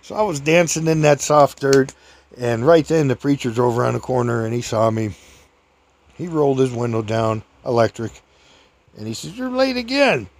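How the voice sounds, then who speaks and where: A man's voice: steady tone, moderate pace, darkish tone. Chuckling older man spinning a rambling yarn. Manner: rambling, chuckling, acts out others' lines in a high voice. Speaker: storyteller. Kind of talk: casual spoken storytelling.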